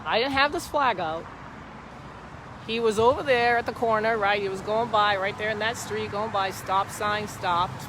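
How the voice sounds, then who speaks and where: Her medium-pitched voice moves at normal speed as she livestreams from a street protest on a phone she's holding. Outdoors with traffic and wind noise around her, she talks casually, rambling, repeating herself, and emphasizing points.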